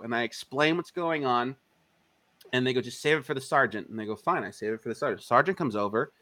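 Fast and mid-range, the indie filmmaker's voice carries a long, casual story told during an interview. He curses freely and animatedly performs the quoted dialogue of the others.

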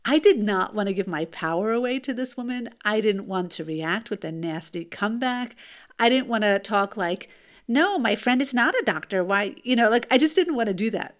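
Speaking at a moderate pace in a mid-range voice, this mother relays her own story with lively emphasis, pausing for rhetorical asides to her listener.

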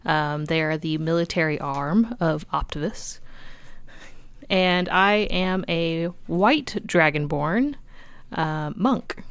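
Woman, tabletop player, slow pace, low-ish voice, dry sound. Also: clean tone, dry recording. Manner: relaxed, with fillers. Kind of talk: casual tabletop game chat.

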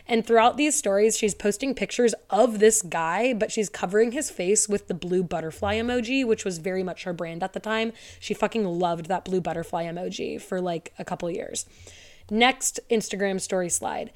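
A woman's voice: mid-range voice, normal speed, darkish tone. Young woman podcast host, casual storyteller with snarky asides, mid-range voice. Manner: chatty and sarcastic, with asides.

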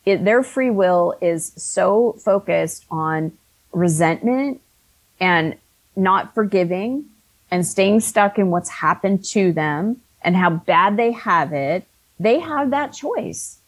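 A woman's voice: on the low side, takes it slowly. A woman in her fifties, an author and life coach, telling a personal story in an earnest, conversational way with frequent restarts.

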